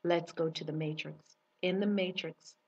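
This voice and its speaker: A woman's voice: fairly low pitch, fairly even intonation, moderate pace, husky. A woman speaking as a spiritual teacher in a personal monologue to camera, telling her story emphatically and repeating phrases for weight. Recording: dull distant recording.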